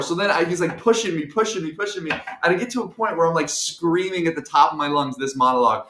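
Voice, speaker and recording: A young man tells a personal story with plenty of energy. He acts out every voice in it, drops to soft asides and builds to full shouts. The room is echoey. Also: fairly high pitch, fast, hardly any pauses. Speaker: guest storyteller.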